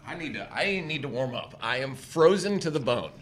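A man's voice: mid-range voice, expressive, moderate pace, slight background noise. A man hosting a podcast, retelling a cartoon plot in a rambling, profane way. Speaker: podcast host. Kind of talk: casual chat.

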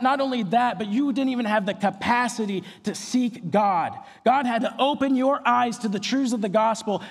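A young man preaching a sermon as pastor, earnest and emphatic, with phrases repeated for weight. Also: very high-pitched. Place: large auditorium. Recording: long hall reverb.

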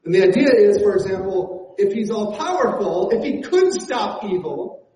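Higher-voiced pastor preaching in an echoey hall. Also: male voice, animated, moderate pace, warm tone. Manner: conversational preaching with frequent fillers and restarts. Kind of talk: sermon.

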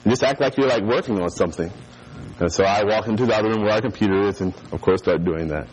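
A man's voice: fairly low pitch, quick pace, a little hiss or hum, low-quality recording. A man preaching a sermon and telling a childhood story, acting out the voices of the people in it. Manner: animated storyteller who acts out voices.

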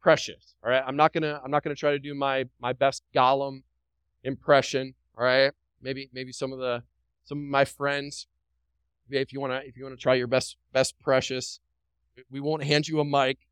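A man's voice: medium pitch, little pitch movement, moderate pace, fairly bright tone, clean tone, no echo, rough recording. A pastor delivering a sermon to his congregation. He preaches emphatically, repeats phrases, asks the room questions and drops light joking asides.

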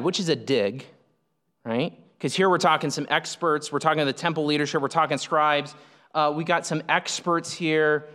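A man preaching a sermon as pastor, animated, acting out the people in the passage he explains. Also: fairly high pitch, brisk. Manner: animated, acts out the speakers in the passage. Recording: long hall reverb.

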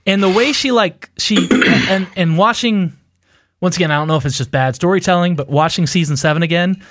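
A man's voice: a little high, a bit bright, dry recording, studio quality. A man co-hosting a casual chat, rambling through a theory with lots of fillers and self-mocking laughs. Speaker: podcast co-host.

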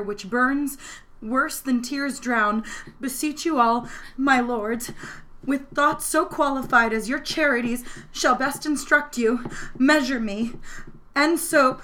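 A woman cold-reading a Shakespeare speech as a wronged, proud queen on trial, pausing for breath at every line. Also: high-pitched, bright, forceful tone, exaggerated voice. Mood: grave.

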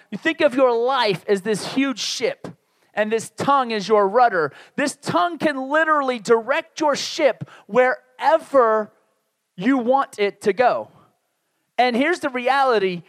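A younger man preaching a sermon in a conversational, animated way, with asides and restarts. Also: extremely high pitch, no room sound. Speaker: pastor.

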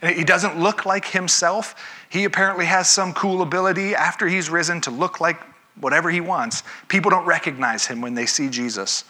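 Man, pastor, sermon, animated storytelling, bright voice. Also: on the high side, brisk. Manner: animated storytelling, acting out characters.

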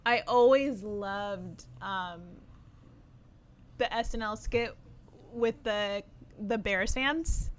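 A woman's voice: mid-range voice, extremely slow, long pauses, a little hiss or hum. A woman co-hosting a podcast, chatting casually, laughing often and giving frequent affirmations. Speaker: podcast co-host. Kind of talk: casual chat.

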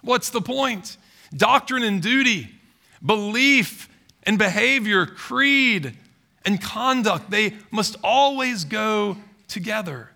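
A man's voice: high-pitched, expressive, slow pace, vocal fry, pushed and bright. A male pastor preaching a sermon, earnest and emphatic, repeating key phrases for weight.

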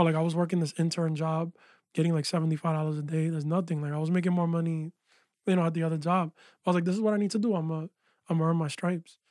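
A man, a music producer and engineer, telling his story in a casual interview with animated energy, saying "yo" and "like" a lot. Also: fairly high pitch, no echo, clean studio sound. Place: small recording studio.

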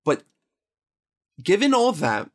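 A man's voice: high-pitched, wildly swooping pitch, takes it slowly. A man co-hosting a casual podcast, talking through a film in a rambling, emphatic way and often correcting himself. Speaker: podcast co-host.

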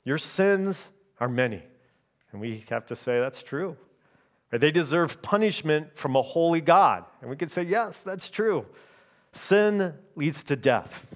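A man preaching a sermon in a measured, emphatic way, often checking in with his listeners through quick tag questions. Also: fairly high pitch, expressive.

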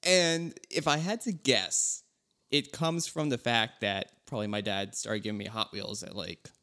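A man in his thirties with a lowish voice co-hosts a casual car podcast. He talks in a relaxed, rambling way, with loose, animated storytelling. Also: a little slow. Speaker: podcast co-host.

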